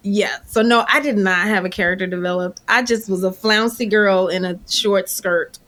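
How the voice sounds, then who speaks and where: A middle-aged actress being interviewed, telling lively anecdotes and acting out quotes from others. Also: female voice, medium pitch, normal speed. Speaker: actress guest. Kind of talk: animated storytelling.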